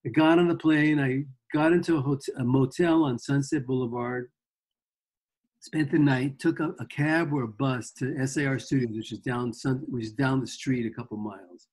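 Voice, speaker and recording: A man's voice: mid-range voice, steady tone, moderate pace, a little mellow, breathy edge. A man guest on an interview, telling rambling anecdotes about his music career and acting out quotes. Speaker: guest guitarist. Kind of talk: casual storytelling interview.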